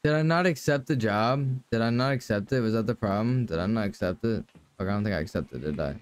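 A man's voice: on the low side, fast, smooth. Profane young man ranting to stream chat. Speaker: game streamer. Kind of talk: casual live-stream chat.

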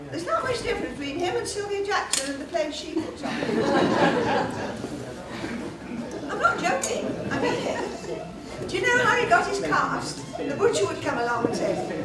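A woman giving a chatty, joking curtain speech to a theatre audience, and reciting a sonnet slowly. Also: high voice. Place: large theatre hall indoors. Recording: echoey hall from far off with music.

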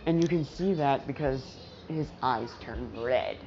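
Low-voiced woman telling a rambling fan story. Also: a little slow, a little mellow, a little hiss or hum. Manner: rambling, with many fillers and restarts. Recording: dull lo-fi recording.

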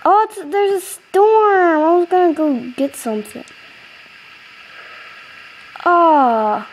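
Young woman, high voice, giggly gameplay chatter, faint game sounds behind. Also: takes it slowly, long pauses, a little hiss or hum, rough recording. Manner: chatty, giggly, easily startled. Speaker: gaming channel host. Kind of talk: casual gameplay commentary. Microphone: computer mic, close.

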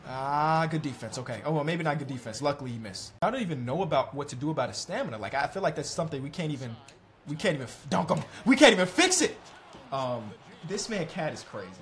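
A young man commenting on his own basketball video game as he plays, talking to the players on screen, mocking himself and shouting at big plays. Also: a little high, expressive, fast, a little hiss or hum. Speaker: gaming YouTuber.

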